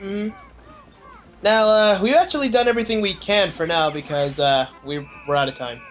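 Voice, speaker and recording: A man narrating his own gameplay in a casual let's play, chatty and quick to laugh as he explains what he is doing. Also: high voice, a bit bright, lo-fi sound, faint music behind. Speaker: let's play host playing the game. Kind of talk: casual game commentary.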